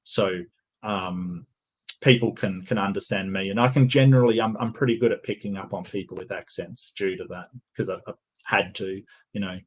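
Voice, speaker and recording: A man's voice: sits low, fairly even intonation, normal speed, breathy edge. A man with a Western Australian accent, a guest on an online call-in chat, who speaks with careful enunciation but halts on many fillers. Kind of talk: casual panel chat.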